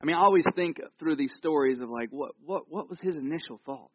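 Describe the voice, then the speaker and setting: High-voiced man preaching a chatty sermon. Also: fast talker, breathy edge, dry recording, highs cut off. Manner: animated, jokey storytelling with asides. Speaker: pastor. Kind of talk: conversational sermon. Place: church.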